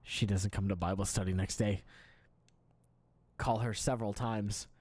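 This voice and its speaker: Man reading a story, deadpan. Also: on the low side, measured pace, dry recording. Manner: deadpan, breaks into laughter. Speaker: story reader. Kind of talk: reading an online story aloud.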